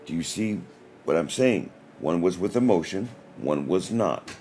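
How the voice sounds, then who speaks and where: A man's voice: low voice, sing-song, measured pace, a little mellow, soft background music. A man, hosting a casual livestream and telling a story with many restarts. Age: 40s. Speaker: livestream host.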